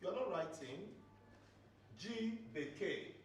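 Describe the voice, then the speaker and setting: A high-pitched man leads a classroom drill, saying each word and asking again and again for it back. He sounds very echoey and far from the mic. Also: expressive, slow pace, a little hiss or hum. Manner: repeats words for pupils to echo, quizzing. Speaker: language teacher.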